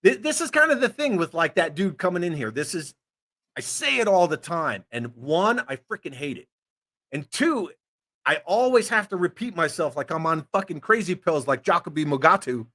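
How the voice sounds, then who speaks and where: Guy ranting and cussing while reading comments, lively bright voice. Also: fairly high pitch, moderate pace. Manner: profane, animated ranting. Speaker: host. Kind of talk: casual chat reading viewer comments.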